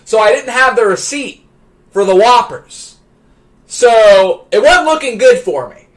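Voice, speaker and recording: A man on a live stream telling a story from his childhood, excitable, stumbling over restarts and working up to shouts. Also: very high-pitched, unhurried. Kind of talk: animated anecdote telling.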